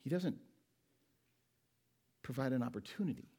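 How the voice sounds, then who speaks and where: A male pastor preaching a sermon, asking the congregation questions and answering them himself, slowing down to stress single words. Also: medium pitch, lively intonation, mellow, husky.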